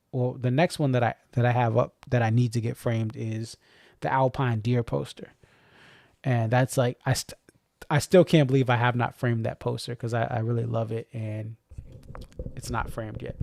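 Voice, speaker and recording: A man's voice: medium pitch, creaky, darkish tone, no room sound, studio quality. Rambling man with a faint Boston accent. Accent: slight Boston. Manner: rambling, self-correcting. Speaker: stream host. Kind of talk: casual live-stream chat.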